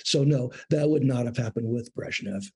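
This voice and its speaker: A middle-aged man, a guest on an interview show, talking in a measured, thoughtful way about his years as a foreign correspondent. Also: medium pitch, darkish tone, slight background noise. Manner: measured, thoughtful, with small restarts. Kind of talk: reflective interview talk.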